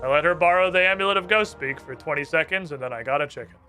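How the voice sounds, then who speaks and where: Man streaming a game, sarcastic, swears a lot, bright tone, faint game music behind. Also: on the high side. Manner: sarcastic, profane, quick asides. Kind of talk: casual gameplay commentary.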